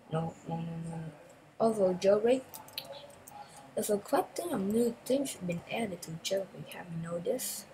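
A woman hosting a gaming channel, giving chatty, excitable gameplay commentary in broken English and repeating phrases. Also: mid-range voice, unhurried, a little hiss or hum, rough recording.

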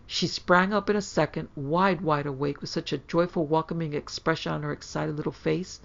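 Woman doing a scared jumpy wife, hushed and anxious, creaky voice, dull lo-fi sound. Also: sits low, steady tone, moderate pace. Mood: frightened. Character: nervous, frightened young wife and mother.

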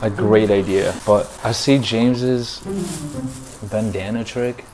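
A man's voice: fairly low pitch, steady tone, slow. A young man hosting a crafting challenge video, teasing his friends and laughing often. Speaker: video host. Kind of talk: casual banter. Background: music.

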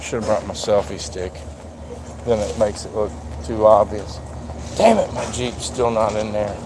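A man's voice: on the low side, unhurried. A man rambling in a casual walkaround vlog at a car dealership lot, folksy and dropping the odd mild swear, recorded on a handheld phone. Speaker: vlogger. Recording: outdoor traffic noise behind.

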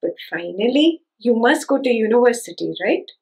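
A woman's voice: a little high, animated, normal speed, a little mellow, low-quality recording. A woman giving a spiritual teaching talk, who stresses and repeats her key points and keeps checking that listeners follow with rhetorical questions.

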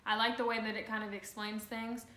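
A woman's voice: on the high side, level tone, brisk, sharp tone. Chatty woman in an echoey room. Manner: chatty, many fillers and restarts. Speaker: co-host. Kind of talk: casual Bible teaching.

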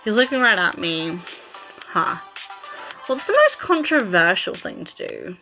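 Chatty bright-voiced woman gamer. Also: medium pitch, big pitch swings, a little slow, faint music behind. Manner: chatty, swears, reads game text aloud. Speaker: gaming YouTuber. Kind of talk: casual let's play commentary.

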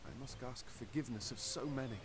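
An actor voicing a naive young man in a video game, speaking softly and with regret. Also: mid-range voice, quick pace, noisy background, natural voice. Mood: ashamed. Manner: soft, regretful and apologetic. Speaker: game character.

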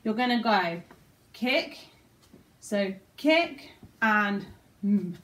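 A woman's voice: medium pitch, lively intonation, very slow, fairly bright tone, roomy sound, far from the mic, rough recording. A young woman teaching a dance routine at home, counting and scatting the moves aloud. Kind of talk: talking through a dance routine. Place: top-floor flat.

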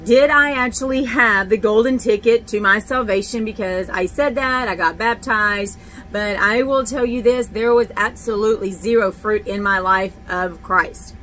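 Middle-aged woman chatting thru her testimony, lots of ums and restarts, bright voice. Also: medium pitch, normal speed, slight background noise, rough recording. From Texas. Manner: chatty and candid, many fillers and restarts. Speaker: speaker sharing her faith testimony. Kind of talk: casual personal testimony.

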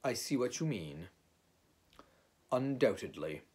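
A man's voice: medium pitch, big pitch swings, darkish tone, slightly rough, heavily acted. A man voicing a pompous old male owl who pretends to know more than he does, in a storybook reading. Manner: pompous and slow.

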